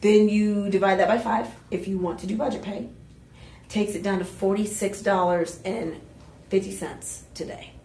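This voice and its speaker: A woman hosting a live home shopping show, pitching jewelry in a chatty, exuberant way with playful asides. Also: fairly even intonation, moderate pace, dark tone, slight background noise. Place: TV shopping studio. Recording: roomy studio sound, mic at a distance.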